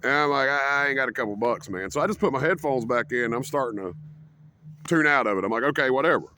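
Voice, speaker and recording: A man's voice: medium pitch, expressive, quick pace, sharp tone, a little hiss or hum. A young man telling a rambling, profane story to camera as a casual rant. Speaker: vlogger.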